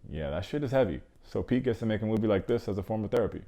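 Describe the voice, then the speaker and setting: Fast-talking deep-voiced man reviewing movies. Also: expressive, mellow. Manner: casual, slangy, joking asides.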